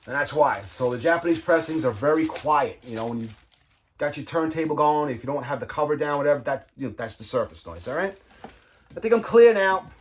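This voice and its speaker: A man's voice: mid-range voice, slight background noise. A man casually chatting about his record collection, enthusiastic and rambling, humming riffs and often saying "man.". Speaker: vinyl collector vlogger. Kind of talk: casual chat showing records.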